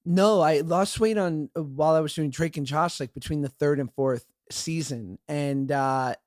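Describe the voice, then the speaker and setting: A man's voice: a little high, normal speed, darkish tone, no echo, clean studio sound. A man guesting on a podcast, telling candid stories about his past in an offhand way. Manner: frank, offhand, lots of "like". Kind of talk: candid storytelling.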